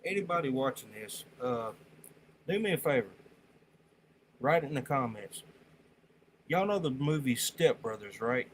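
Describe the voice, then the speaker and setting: A man livestreaming, rambling and swearing in casual chat. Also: medium pitch. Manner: rambling, profane, drawling Southern-style talk. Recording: noisy room sound.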